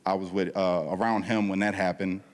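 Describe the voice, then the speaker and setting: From the front of a church, a guest speaker with a fairly low voice gives his testimony a little fast, loose and slangy, slipping into the voices of people in his story. A long reverb rings through the hall behind his words.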